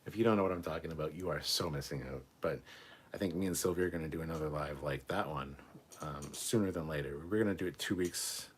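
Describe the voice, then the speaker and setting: A man's voice: extremely low pitch, fast talker, slight background noise. A man co-hosting a casual livestream, rambling and swearing as he reads viewer comments aloud. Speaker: livestream co-host reading chat.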